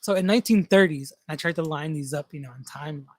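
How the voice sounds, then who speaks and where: A man's voice: fairly high pitch, fast, no echo. A man hosting a casual tabletop gaming podcast, reading monster lore aloud and stumbling over place names. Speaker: podcast host.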